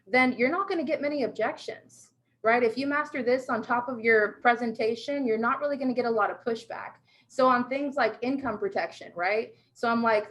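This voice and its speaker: A woman from the United States coaching salespeople on a video call, emphatic and peppered with "right?". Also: on the high side. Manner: emphatic, keeps asking "right?". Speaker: sales trainer.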